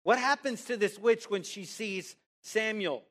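A man preaching a sermon in church, animated and casual, asking the congregation questions and answering them himself. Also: high-pitched, unhurried. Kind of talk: interactive sermon.

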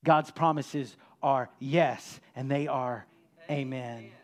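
A middle-aged man preaching an impassioned sermon as a pastor, swelling to loud emphatic peaks and then dropping low and soft. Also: steady tone, takes it slowly.

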